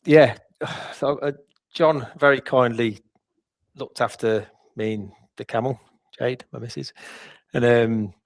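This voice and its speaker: A man's voice: mid-range voice, fairly even intonation, slow pace, no room sound. A man co-hosting a football podcast, telling stories in a rambling, self-deprecating way. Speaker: podcast co-host. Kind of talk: casual chat.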